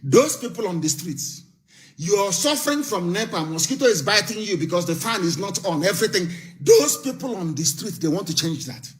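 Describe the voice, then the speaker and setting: A man giving an impassioned live broadcast speech, firing off rhetorical questions and bursting into shouts. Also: sits high, sing-song, moderate pace. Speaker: political broadcaster.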